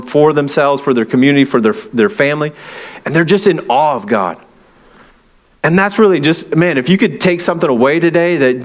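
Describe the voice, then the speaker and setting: A young man delivers a sermon in a relaxed, conversational way, his voice sitting slightly higher than most men's. He leans on fillers and acts out little quoted exchanges as he goes. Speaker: pastor.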